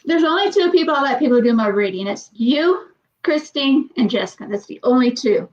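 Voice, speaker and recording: A woman's voice: high-pitched, fairly quick, muffled recording. Chatty woman rambling through stories. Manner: rambling, animated storytelling with acted quotes. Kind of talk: casual chat.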